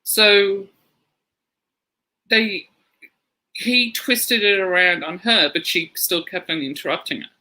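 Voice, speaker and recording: A man's voice: high-pitched, lively intonation, slow, pauses often, sharp tone, low-quality recording. A man co-hosting a podcast, rambling through anecdotes in casual chat and laughing as he goes. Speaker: podcast co-host.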